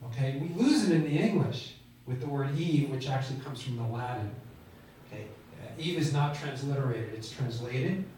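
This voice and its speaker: A man's voice: mid-range voice, dark tone, slight background noise. A man teaching a Bible class to a live audience, carefully explaining the meaning of words one at a time. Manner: deliberate, explaining word by word. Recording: roomy, recorded from a distance.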